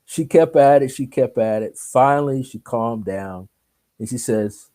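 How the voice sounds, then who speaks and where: A man's voice: mid-range voice, unhurried, dark tone. A man telling a personal story as an interview guest, acting out the dialogue and laughing often.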